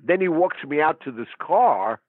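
A husky man telling a dramatic story in conversation, acting out quotes in a tough-talking way. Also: a little high, lively intonation, normal speed, no echo. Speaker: interview guest. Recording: phone-like narrow sound, dry.

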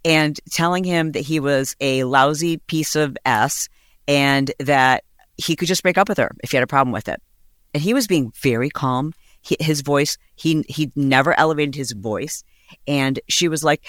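A middle-aged woman hosting a podcast, chatting casually and acting out overheard quotes with big jumps in pitch. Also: animated, normal speed, dry recording, studio quality. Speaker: podcast host. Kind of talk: casual storytelling chat.

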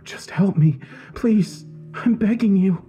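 Man doing a terrified young man, shrill pleading, tearful, frantic, high strained voice. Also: slow pace, faint music behind. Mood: desperate pleading. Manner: frantic, desperate shouting.

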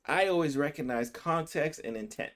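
A man who is a physician and podcast host, giving casual opinion commentary. He often checks in with "right?" and speeds up or slows down to stress his points. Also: a little high, fairly bright tone.

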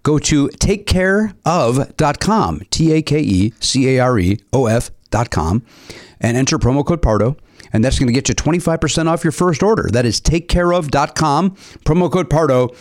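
A man hosting a comedy game show podcast, talking quickly and joking with guests. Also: on the high side, expressive. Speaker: host.

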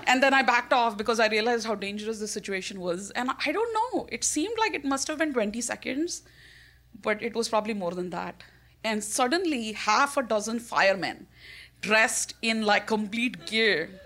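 Indian-accented woman, fairly high voice, lively self-mocking storyteller who laughs a lot. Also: normal speed, slight background noise. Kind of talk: live personal storytelling.

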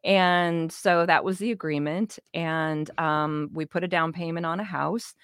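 A middle-aged woman, a guest in an interview, telling her life story in a casual, animated way, acting out quoted dialogue and laughing often. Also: deep voice, a little slow, smooth, no room sound, studio quality. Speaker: interview guest, business owner.

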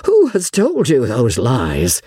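A bashful, devoted officer who stammers and then speaks earnestly, as a woman reader puts him on. The voice is low and husky. Close, dry recording. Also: huge pitch swings, takes it slowly, warm tone, dry recording, full character voice. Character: shy, devoted middle-aged army officer, man.

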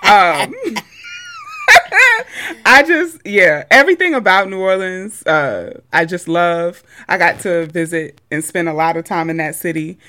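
A woman co-hosts a podcast in loose, animated chat. Her voice is bright and swoops up and down. She jokes around and laughs often. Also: on the low side, unhurried. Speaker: podcast co-host. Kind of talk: casual chat.

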